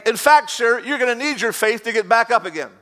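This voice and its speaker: A male pastor delivers a sermon in a notably high voice. He drives his points home with repetition and loud emphasis, then eases into humorous asides. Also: lively intonation, fairly quick.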